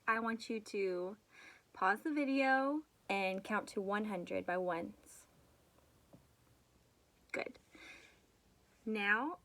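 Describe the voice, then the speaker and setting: A woman's voice: medium pitch, pushed and bright. A young woman teaching young children a remote math lesson, patient and encouraging, leading them through counting and chanted rhymes.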